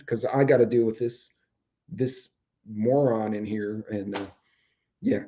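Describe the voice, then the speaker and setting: A man's voice: mid-range voice, measured pace, long pauses, warm tone, highs cut off. A man, hosting a casual chat show from home, rambling and swearing offhandedly, his voice starting to go. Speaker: host. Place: home, indoors with dogs.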